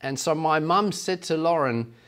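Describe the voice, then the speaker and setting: An earnest man delivers a sermon with emphatic, storytelling conviction. His voice sits a touch high for a man, and he leans into key words to drive his points home. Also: lively intonation, moderate pace, fairly bright tone. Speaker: preacher.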